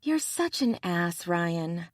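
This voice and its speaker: A woman's voice: mid-range voice, unhurried, a little mellow, dry recording, studio quality, voice pushed up, close to an everyday voice. Woman reading as a wary, guarded young woman.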